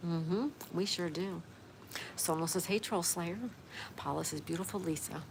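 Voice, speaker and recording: Woman livestream host, low-pitched, friendly chat-reader, steady outdoor noise behind her. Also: unhurried, gravelly. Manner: friendly, greets viewers by name one after another. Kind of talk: casual chat, reading viewer comments aloud.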